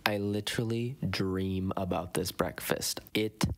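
A man's voice: mid-range voice, very animated, normal speed, a loud crowd. A man from Minnesota recording voice-over asides for his own vlog edit. His remarks are sarcastic, sometimes with dramatic whispers. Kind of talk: voice-over commentary.

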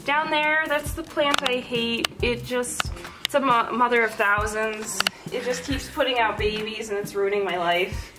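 A young woman co-hosting a casual cooking show gives a tour of her houseplants, chatty and self-mocking with crude asides. Her voice is a little high and unhurried. The recording is roomy and distant, with music behind.

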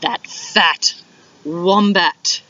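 A woman voicing a sly, boastful male dingo cook in a slow sing-song chant. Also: medium pitch, pushed and bright, no echo. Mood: cunning. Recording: dull lo-fi video sound.

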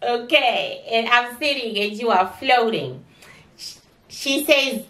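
A woman delivers a spiritual reading in a chatty, exclamatory way, often repeating herself. Her voice is bright and somewhat high, and she speaks slowly. She sounds distant from the mic in an echoey room. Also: big pitch swings. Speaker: psychic reader.

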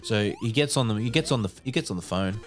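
A man's voice: fairly low pitch, animated, fast talker, faint music behind. A man co-hosting a podcast, telling a long casual story full of "like" fillers. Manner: rambling, many "like" fillers. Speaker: podcast co-host.

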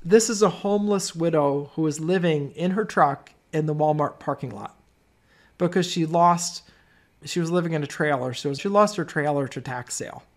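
A man's voice: a little high, moderate pace. A middle-aged man hosting a webinar, telling stories in a chatty way with many asides. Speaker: webinar host. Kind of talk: webinar sales talk.

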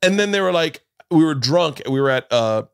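A man hosting a podcast, telling comic stories in a casual, animated way and acting out quoted lines with big jumps in pitch. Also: a little fast, vocal fry, clean tone, no echo, clean studio sound. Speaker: podcast host. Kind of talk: casual comedic storytelling.

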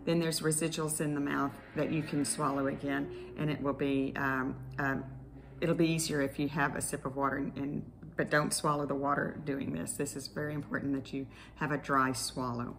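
Woman, speech therapist, low pitch, patient, step-by-step explanations, faint background hiss. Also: level tone, normal speed. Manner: patient, explanatory, clinical terms with small restarts. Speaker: speech-language pathologist teaching an exercise class. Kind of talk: instructional exercise class.

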